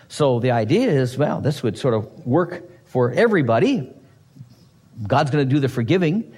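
A man's voice: a little high, a little mellow. A man preaching a sermon as pastor, teaching a passage verse by verse with emphatic asides and touches of humor. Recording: husky voice in a hall with long reverb.

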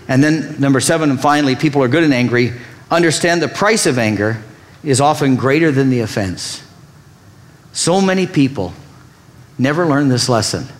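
A middle-aged man preaching a sermon, acting out quoted lines as he teaches from the pulpit. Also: mid-range voice. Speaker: pastor.

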